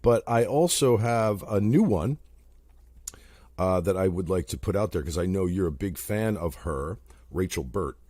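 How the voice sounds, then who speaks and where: A man's voice: low-pitched, expressive, moderate pace, dark tone, no echo. A man from New Jersey co-hosting a podcast in casual chat, joking and swearing freely. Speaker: podcast co-host.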